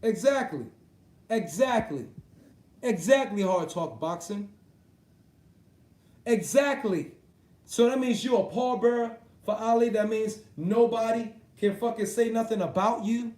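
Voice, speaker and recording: A man with a very high voice fires off a foul-mouthed boxing rant, calling people out and cursing at every turn. He keeps lurching between loud outbursts and low grumbles as he talks to his viewers. The sound is roomy and echoey. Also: unhurried, long pauses. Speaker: boxing commentator ranting to his live chat. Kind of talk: profane off-the-cuff rant.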